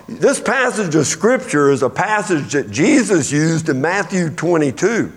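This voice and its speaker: A man with an East Texas accent preaches in a folksy, down-to-earth style. His fairly high voice swings widely as he acts out quotes and presses his points. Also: a little slow, few pauses. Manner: folksy, animated preaching with lively dramatized quotes. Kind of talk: sermon.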